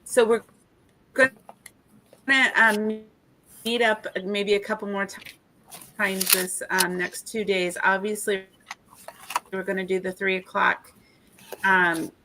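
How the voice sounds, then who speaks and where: A sleepy woman hosting a late-night livestream, yawning and talking in a halting way with many fillers. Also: medium pitch, level tone, background noise. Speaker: livestream host.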